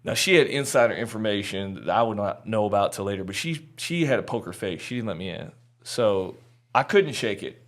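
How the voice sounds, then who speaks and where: A man's voice: fairly low pitch, animated, a little fast. Earnest chatty man telling his story. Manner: earnest, candid, chatty storyteller with frequent fillers. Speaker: podcast guest. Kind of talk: personal testimony storytelling.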